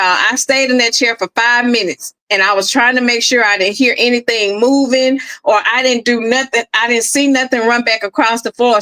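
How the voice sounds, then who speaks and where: Middle-aged woman host, high, bright and animated, casual storytelling. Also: low-quality recording. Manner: animated, laughing often, addresses listeners as "girl". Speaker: podcast host. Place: at home, in her office.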